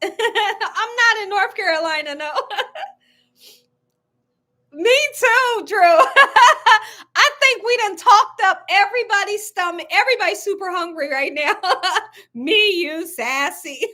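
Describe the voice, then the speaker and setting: A woman's voice: very high voice, animated, takes it slowly, pauses often, bright, forceful tone. A woman hosting a casual live cooking stream from home, chatting freely, laughing often and reacting to viewer comments. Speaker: cooking channel host. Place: at home, window open.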